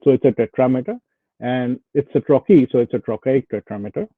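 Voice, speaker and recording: A man's voice: medium pitch, brisk, no echo. A man giving a webinar lecture to students, explaining poetic meter step by step. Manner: explanatory, walks through examples step by step. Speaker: guest lecturer. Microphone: video call. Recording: dry tinny phone-like audio.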